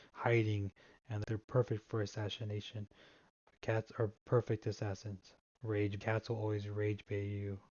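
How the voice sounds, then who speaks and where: A man giving a casual joke slideshow presentation, rambling and halting with frequent restarts. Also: on the low side, warm tone, no room sound, dull audio.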